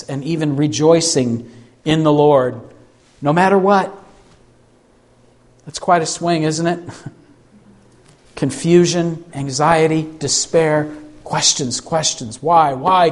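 A man preaching a sermon, slow and emphatic, pleading through rhetorical questions. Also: on the high side. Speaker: pastor.

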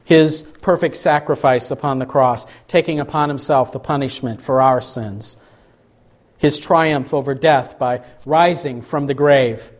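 A man's voice: mid-range voice, unhurried. A man preaching a sermon, speaking earnestly and reading scripture with dramatic emphasis.

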